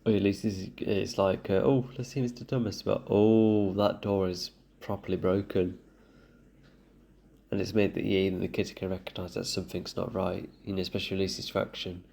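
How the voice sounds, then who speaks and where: Low creaky man thinking aloud. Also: flat delivery, normal speed, a little mellow. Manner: thinking aloud, hesitant with fillers and restarts. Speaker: reaction video host. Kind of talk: casual commentary reacting to a TV show.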